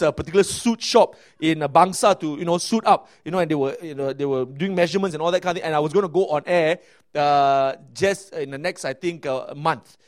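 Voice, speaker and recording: Animated Malaysian English-speaking male pastor. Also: high-pitched. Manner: animated, chatty, frequent filler words and restarts. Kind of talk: sermon storytelling.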